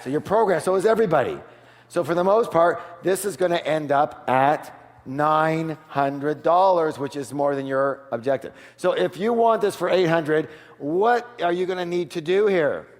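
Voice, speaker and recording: Energetic man leading a seminar crowd. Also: on the high side, normal speed. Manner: energetic, leads the audience in call-and-response; drops to a soft, quiet voice for role-played offers. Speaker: seminar speaker. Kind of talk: motivational sales seminar. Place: large hall with a live audience. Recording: long hall reverb.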